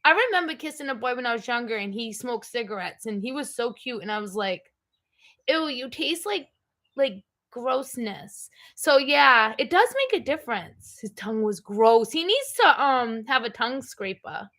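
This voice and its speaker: A woman's voice: a little high, animated, moderate pace, hardly any pauses, bright, forceful tone. A middle-aged woman hosting a livestream, chatting casually in a blunt, rambling way. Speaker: livestream host. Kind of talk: casual chat.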